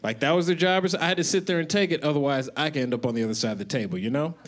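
A man's voice: fairly high pitch, racing. A man from Colorado doing a loose, conversational stand-up set on a stage mic in a comedy club. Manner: loose, conversational, swinging into loud character voices. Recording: live comedy club with audience laughter.

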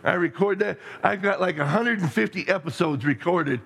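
A middle-aged man preaching a sermon as pastor, rambling and excitable, with many restarts and stammers. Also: sits high, moderate pace, gravelly, breathy edge. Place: church sanctuary. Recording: long reverb in a hall.

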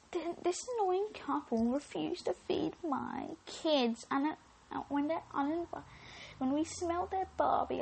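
A woman voicing a whiny, petty, entitled mother who complains in a raised, high-pitched voice. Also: creaky, darkish tone, a little hiss or hum, heavily acted, poor audio.

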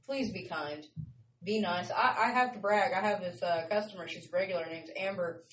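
A woman's voice: fairly low pitch, normal speed, a bit bright, far from the mic. A woman host talks in a loose, rambling, chatty way and laughs easily. She sits back from the mic, so her voice sounds roomy. A faint hiss runs underneath. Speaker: show host. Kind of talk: casual rambling chat.

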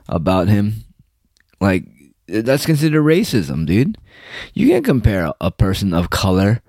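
Low-voiced young man ranting profanely. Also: darkish tone, no echo, clean studio sound. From United States. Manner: profane, rambling, mocking. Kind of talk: casual ranting monologue.

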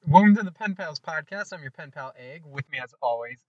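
Young man, podcast co-host, high and lively voice, laughs a lot, dull lo-fi sound. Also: brisk, no room sound. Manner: animated storyteller, laughs often, acts out quoted voices. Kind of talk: casual comedic chat.

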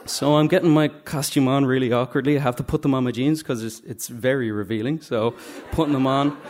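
A man's voice: medium pitch, steady tone, a little fast, darkish tone. A man from Dublin with a Dublin Irish accent, telling a funny, self-mocking story live onstage and acting out the voices. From Dublin, Ireland. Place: stage at a live story night.

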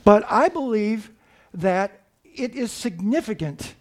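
A man preaching a sermon, earnest and reflective, pausing and restarting as he explains. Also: sits high, expressive.

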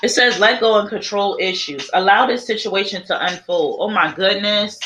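A woman's voice: mid-range voice, normal speed, a bit bright, low-quality recording. A woman giving a casual live tarot reading, chatty and repetitive, thinking aloud as she draws each card. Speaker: tarot reader.

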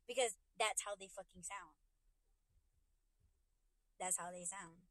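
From her car, a woman podcast host rants casually on a livestream into her phone, blunt and profane, often restarting sentences as she works herself up. Her mid-range voice moves at a slow pace, and the recording is dry.

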